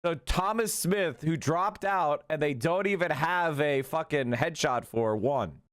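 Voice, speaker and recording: A man hosting a political livestream, talking in a casual, profane, animated way with rapid asides. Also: fairly high pitch, clear, resonant tone.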